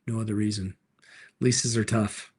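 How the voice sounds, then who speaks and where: A man's voice: fairly low pitch, little pitch movement, darkish tone, breathy edge. Upbeat man hosting a live sales stream. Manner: upbeat, jokey, quick replies to chat. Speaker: livestream host and car dealer. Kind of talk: live stream chat answering viewers.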